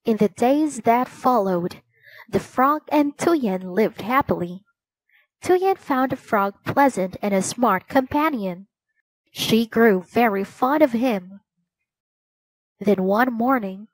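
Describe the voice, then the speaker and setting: Woman narrating a storybook, a touch high, slow and dry. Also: expressive, no echo, rough recording. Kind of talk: storybook reading.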